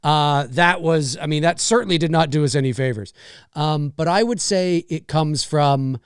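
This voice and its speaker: A man's voice: a little high, moderate pace, clear, resonant tone, no echo, studio quality. Rambling Canadian man hosting live. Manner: rambling, animated, swears freely. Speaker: host of a live show. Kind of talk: casual live-stream chat.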